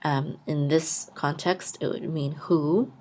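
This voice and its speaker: Low-voiced woman slowly teaching Hebrew letters. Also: steady tone, darkish tone. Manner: patient, sounds out syllables and repeats words. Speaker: podcast host and Hebrew blessing teacher. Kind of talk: slow step-by-step reading lesson.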